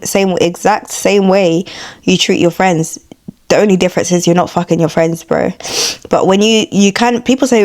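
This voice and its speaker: A young woman from East London with an East London accent, ranting casually to her viewers in a tired, laid-back but blunt and sweary way, now and then mimicking others in a high mocking voice. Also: darkish tone. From East London, England. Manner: blunt, sweary and confrontational, addressing viewers directly. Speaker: content creator. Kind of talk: casual vlog rant.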